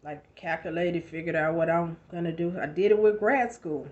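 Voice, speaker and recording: A woman's voice: on the low side, normal speed, darkish tone, lo-fi sound. A woman in her thirties giving a conversational motivational talk, emphatic and full of rhetorical questions. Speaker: motivational speaker.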